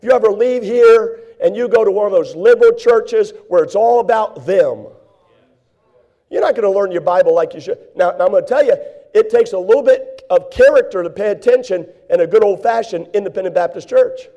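Male preacher, high-pitched, folksy sermon delivery with playful asides. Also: fairly quick, warm tone, lo-fi sound. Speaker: pastor.

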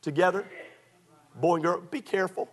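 A man preaching a sermon as pastor, moving from quiet storytelling to shouted exhortation. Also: high-pitched, fairly even intonation, moderate pace.

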